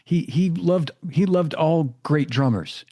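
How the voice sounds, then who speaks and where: A man's voice: fairly high pitch, takes it slowly, warm tone. A man hosting a casual podcast interview, answering with short agreements and recalling a fellow drummer. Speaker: podcast host.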